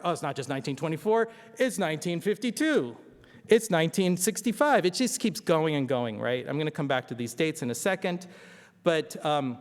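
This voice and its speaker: A man giving a conversational history lecture at a symposium, often asking the audience rhetorical questions. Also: high voice. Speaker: symposium speaker. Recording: long hall reverb.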